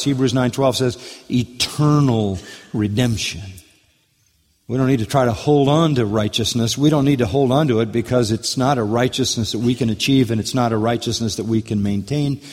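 A man's voice: medium pitch, a little mellow. A man preaching an expository sermon, repeating key phrases for emphasis and asking rhetorical questions. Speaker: pastor. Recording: long hall reverb.

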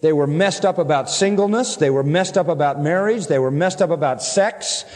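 A man's voice: on the high side, moderate pace, darkish tone. A man preaching an earnest expository sermon, reading scripture aloud with pointed emphasis. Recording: long hall reverb.

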